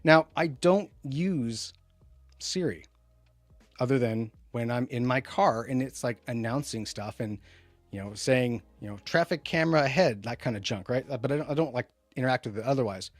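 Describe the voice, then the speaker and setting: A man co-hosting a tech podcast, chatting loosely and rambling from point to point with sarcastic jabs. His voice is mid-pitched and recorded close and dry. Faint music plays underneath. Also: moderate pace, no echo. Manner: animated, rambling, sarcastic asides. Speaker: podcast co-host. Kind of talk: casual tech podcast chat.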